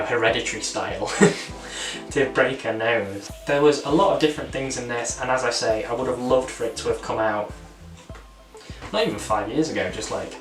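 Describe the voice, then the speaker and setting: A man hosting a casual movie review, talking enthusiastically and rambling with many fillers. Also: medium pitch. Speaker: channel host reviewing a film. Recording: echoey room, distant mic, music. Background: music.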